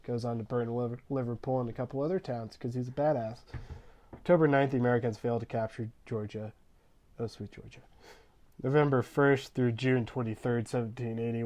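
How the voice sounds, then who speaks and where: Young male narrator, mid pitch, jokey slang-filled history recap with deadpan asides. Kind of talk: comedic history narration over gameplay.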